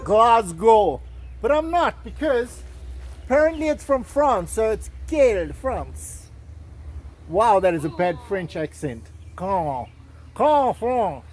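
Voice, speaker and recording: A man hosting a travel vlog, chatting excitedly and jokily as he walks around an outdoor estate. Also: sits high, a little slow. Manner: excitable, jokey, mock salesman patter. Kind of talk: casual walking tour to camera.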